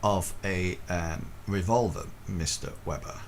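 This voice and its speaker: A man's voice: low-pitched, unhurried, vocal fry, slight background noise. A man voicing a stern, suspicious police inspector who questions people in a clipped, probing way.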